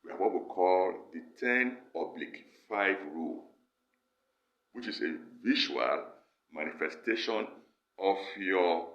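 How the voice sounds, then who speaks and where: A man giving an instructional lecture, setting out steps in short, measured phrases. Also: sits low, a bit bright, reverberant, dull audio. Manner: measured, lists steps one phrase at a time.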